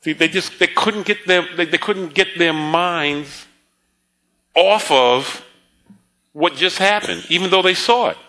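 A man's voice: on the high side, measured pace, bright, forceful tone. A man preaching a sermon, telling the story with frequent laughs and acted-out quotes. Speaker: pastor.

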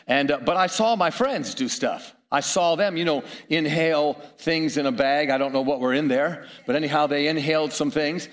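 A man's voice: a little high, normal speed, few pauses. Chuckling man preaching a story sermon. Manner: storytelling, chuckling, audience asides.

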